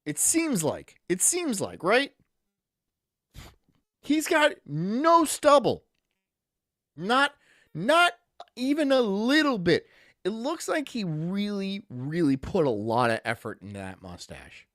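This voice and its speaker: A man's voice: high-pitched, very animated, takes it slowly, pauses often, a bit bright, no echo, studio quality. A man streaming casually, reading chat aloud and rambling through jokey asides.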